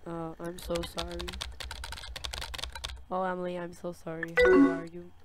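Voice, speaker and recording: Gaming creator, female, lowish voice, unhurried delivery reading chat lines aloud, loud game music and typing underneath. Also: completely flat delivery. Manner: reads dialogue slowly, with soft sympathetic reactions. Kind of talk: let's-play commentary, reading chat messages aloud. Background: loud game music and keyboard typing.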